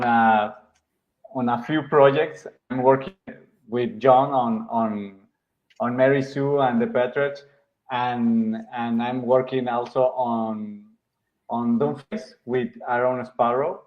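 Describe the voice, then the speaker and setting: A man's voice: medium pitch, slow pace. A man, a comic book artist, answering questions about his projects, hesitating and repeating words as he searches for them. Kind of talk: casual interview answer. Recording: dull lo-fi sound.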